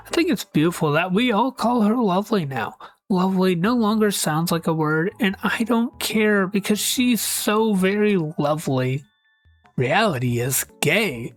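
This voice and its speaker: Woman reading fan posts out loud, wry deadpan asides, average pitch, soft music under her. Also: a little slow. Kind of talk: casual scripted commentary with skits. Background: faint background music.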